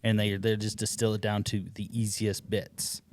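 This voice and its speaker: A man's voice: fairly low pitch, little pitch movement, moderate pace, darkish tone. A man chatting casually on a podcast, laid-back and full of fillers. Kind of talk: casual chat.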